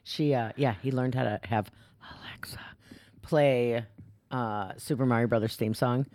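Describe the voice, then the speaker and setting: A woman's voice: very deep voice, fairly even intonation, unhurried, darkish tone. Chatty woman with a Midwestern accent. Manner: rambling, chatty storytelling. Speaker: podcast co-host. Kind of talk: casual chat.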